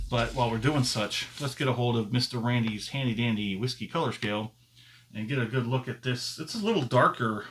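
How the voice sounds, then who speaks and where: A man hosting his own whiskey review channel, talking to camera in a casual, unhurried way and pausing often to find his words as he thinks aloud. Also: mid-range voice, a bit bright, slight background noise.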